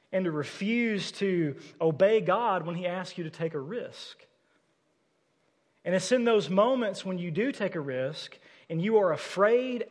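A man in his thirties, a pastor, giving a casual, conversational sermon. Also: high voice. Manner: conversational preaching with frequent "like". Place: church sanctuary. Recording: long church reverb.

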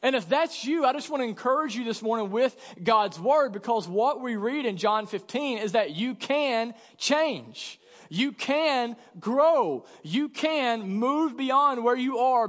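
A man in his thirties preaching a sermon as pastor, telling a family story in an animated way that builds to loud exasperation. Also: very high voice. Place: church sanctuary. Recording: long reverb of a church hall.

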